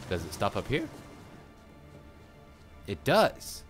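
A man's voice: mid-range voice, fairly quick, pushed and bright, faint music behind. A man hosting a let's play, chatting playfully and talking back to the characters on screen. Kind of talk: casual gameplay commentary.

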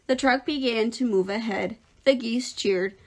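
A woman teacher reading a children's novel aloud in a clear, expressive storytelling voice. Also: fairly high pitch, measured pace.

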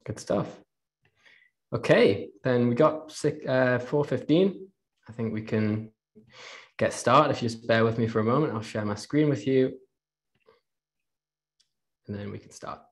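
A man's voice: mid-range voice, a little slow, long pauses. A young man with a slight Geordie accent, presenting a casual live online talk from his desk and chatting with viewers. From England. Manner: chatty, greets the chat with fillers.

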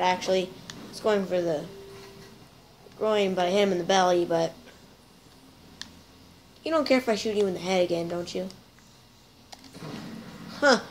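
On a gameplay video, a woman chats playfully with her viewers while she plays, giving casual commentary. Her voice is mid-range, and the rough recording carries a little hiss or hum.

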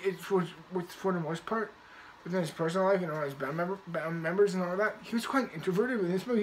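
A man's voice: high-pitched, slight background noise, rough recording. A man casually reviewing movies in a rambling way, with many restarts and the odd swear word.

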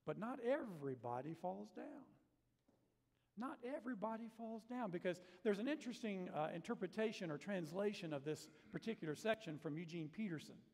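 In a church sanctuary with long reverb, a male pastor preaches a sermon, telling the story vividly and acting out quoted lines with dramatic emphasis. His voice is high-pitched, expressive, fairly quick, creaky, and a little mellow.

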